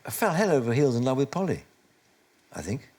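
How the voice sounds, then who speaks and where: Husky, lively man in his sixties. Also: medium pitch, a little fast. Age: 60s. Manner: reflective, self-deprecating, laughs often. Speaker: actor and interview guest. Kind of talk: candid interview conversation.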